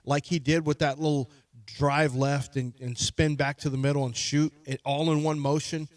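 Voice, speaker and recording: A man co-hosting a casual sports radio show, talking fast and loose about basketball and acting out players with mock voices. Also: a little high, little pitch movement, dry recording, clean studio sound. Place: radio studio.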